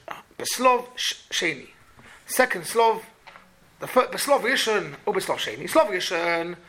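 Torah teacher, man, high and bright, animated questioning lesson. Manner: questioning, animated, repeats points. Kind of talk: Talmud class for boys.

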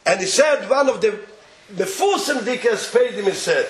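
A man with a Yiddish accent telling a rabbinic tale in an animated way, chuckling as he goes and mixing in Yiddish and Hebrew words. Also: sits high, normal speed, reverberant. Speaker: storyteller.

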